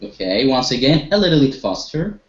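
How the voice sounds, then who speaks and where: Lively-voiced male English teacher online. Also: mid-range voice, fairly quick. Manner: encouraging, leads students with questions, some hesitations. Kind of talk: online group English lesson. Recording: echoey, dull online-call audio.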